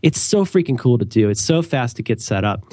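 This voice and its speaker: A middle-aged man co-hosting a podcast and reading an ad in a jokey, rambling, animated way. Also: a little fast, dry recording, clean studio sound. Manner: animated, rambling, jokey, with sudden high leaps. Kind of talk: casual podcast chat.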